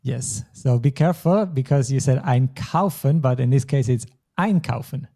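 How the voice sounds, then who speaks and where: A man's voice: medium pitch, normal speed, gravelly, mellow. A man teaching a language lesson, explaining patiently step by step. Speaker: German teacher.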